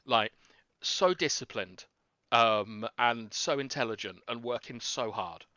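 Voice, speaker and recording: A man's voice: medium pitch, measured pace, sharp tone, no echo, dull audio. A man giving an earnest, explanatory tactical breakdown on a live stream, with frequent ums. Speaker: tactical analyst. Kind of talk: live stream football analysis.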